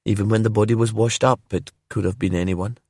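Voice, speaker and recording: A man voicing a brooding older woman from a remote island in a calm storybook crime tale, speaking softly and hesitantly in a lifted voice. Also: lowish voice, brisk, no room sound, clean studio sound. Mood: wistful.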